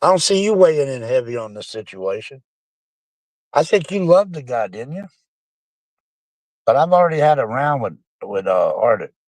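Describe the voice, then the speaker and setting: A man's voice: mid-range voice, very animated, moderate pace, pauses often, darkish tone, no echo. A middle-aged man, rambling casually and profanely to his live-stream chat, calling them folks.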